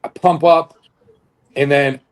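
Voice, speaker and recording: A man's voice: on the high side, fairly even intonation, takes it slowly. A young man on a podcast telling a long story in a casual, rambling way, with lots of fillers and swearing. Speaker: podcast co-host, bodybuilder. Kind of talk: casual chat.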